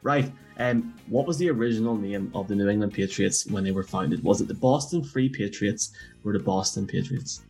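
A man's voice: lowish voice, brisk, dark tone, faint music behind. A man with an Irish accent acting as quizmaster on a casual podcast game show, teasing and colloquial.

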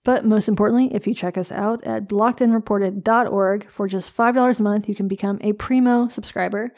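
A woman's voice: medium pitch, steady tone, fairly quick, darkish tone. A woman co-hosting a podcast in casual chat, wry and blunt, talking very close to her mic in a room other than her usual one. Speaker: podcast co-host.

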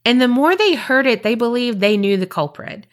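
A woman's voice: fairly high pitch, expressive. A woman co-hosting a podcast, casually telling a paranormal story in a chatty, profane way. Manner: chatty, profane, drops into quick voices for people in the story.

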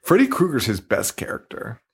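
A young man co-hosting a podcast in casual chat, animated and jokey, swearing freely and slipping into mock voices. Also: mid-range voice, normal speed, breathy edge. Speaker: podcast co-host.

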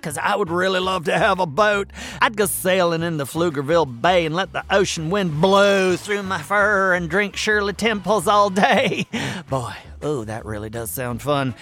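A man voicing a boastful, excitable furry male cartoon hero who hosts a scripted children's radio show and talks in a bouncy, self-important way. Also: sits high.

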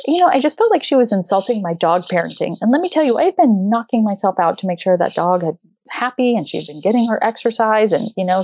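An animated woman in her thirties or forties tells a personal story, springing up into high pitch whenever she acts out what someone said. The sound is dry and close, with no room around her voice. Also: no room sound. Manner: animated, acts out quotes with big pitch jumps. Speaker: speaker.

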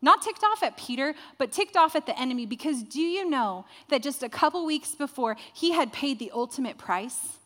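A woman with a fairly high voice preaches a sermon in a church hall, with long reverb trailing her words. She tells the story vividly and acts out the quoted dialogue. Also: animated, moderate pace, hardly any pauses, a bit bright. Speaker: pastor.

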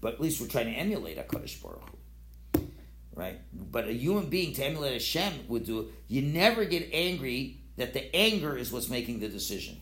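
Animated man teaching in a roomy room. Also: mid-range voice, brisk, noisy background. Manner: animated, acts out quoted voices, restarts often. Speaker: Torah class teacher. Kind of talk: informal Jewish philosophy class. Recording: roomy echo.

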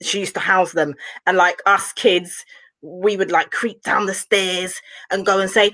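A woman talks in lively, casual podcast chat, her voice sitting at an ordinary middle pitch. She keeps piling up rhetorical questions with growing exasperation. The sound is dry and close, with no room echo. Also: measured pace. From West London. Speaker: podcast co-host reviewing a film.

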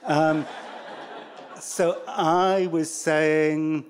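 A man's voice: a little high, drawn-out words. A man with an English accent telling a personal story live, in a wry, rambling way full of asides and fillers.

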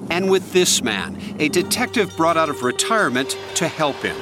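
A man giving measured, dramatic scripted narration for a crime documentary. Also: a little high, big pitch swings. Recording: music bed under the voice.

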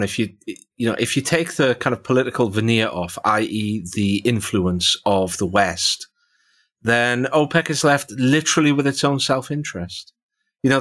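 A man's voice: medium pitch, fairly bright tone. A man co-hosting a casual current-affairs podcast, reasoning aloud in a conversational way with many fillers. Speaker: podcast co-host.

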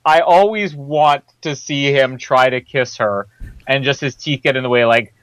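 A man's voice: medium pitch, normal speed, fairly bright tone, no room sound, low-quality recording. A man co-hosting a podcast, joking through a casual film discussion and laughing as he talks. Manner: joking, laughs while talking. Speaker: podcast co-host.

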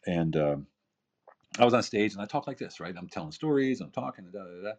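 A man's voice: on the low side, expressive, brisk. A man in his fifties, a podcast guest giving an emphatic motivational talk full of rhetorical questions and repeated phrases. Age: 50s. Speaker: podcast guest, keynote speaker and author.

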